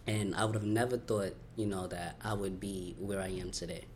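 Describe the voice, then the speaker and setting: Candid low-voiced man telling his story. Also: steady tone. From Brooklyn, New York. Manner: candid, fast-flowing, heartfelt, many "you know" and "like" fillers. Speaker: interviewee. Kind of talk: personal storytelling interview. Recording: faint background noise.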